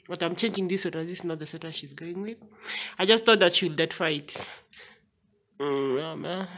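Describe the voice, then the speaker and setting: A woman's voice: lowish voice, fairly bright tone. A woman with a Kenyan accent chatting casually on a home vlog, coaxing her toddler with playful questions. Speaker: mother and vlogger. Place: home, indoors.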